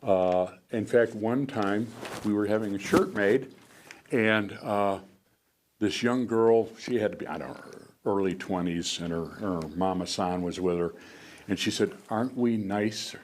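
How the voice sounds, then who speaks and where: Older man telling war stories, low voice. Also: fairly even intonation, a little slow. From United States. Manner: rambling, frequent restarts and fillers. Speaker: guest speaker, veteran. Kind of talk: storytelling talk to an audience. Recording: faint background noise.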